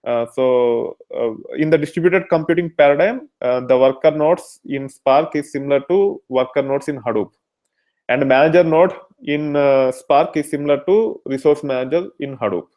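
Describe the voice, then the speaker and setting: A man's voice: on the high side, normal speed, a little mellow. A man teaching a technical class, explaining step by step with frequent fillers and restarts. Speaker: instructor. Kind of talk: technical lecture.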